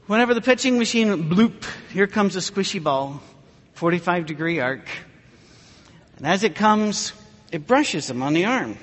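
A man delivers a sermon full of wry anecdotes, mocking himself with a dry wit. His voice sits high for a man, and it rings out with a long reverb, as if through a large church hall. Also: a bit bright. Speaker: preacher. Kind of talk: humorous sermon with storytelling.

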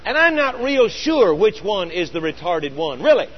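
A middle-aged man preaching a sermon, earnest and storytelling, slowing down with emphatic pauses. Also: high voice, big pitch swings, lo-fi sound, slight background noise.

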